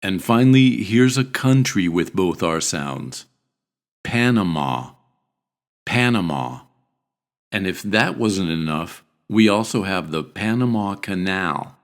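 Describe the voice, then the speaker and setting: A man teaching pronunciation in a scripted video lesson, repeating each word deliberately and clearly. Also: low voice, lively intonation.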